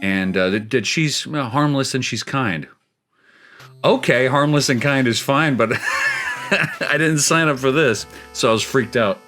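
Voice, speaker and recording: A man's voice: mid-range voice, moderate pace, fairly bright tone, faint music behind. A man hosting a gaming show, telling a spooky story in a rambling, chuckling way with plenty of restarts. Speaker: show host.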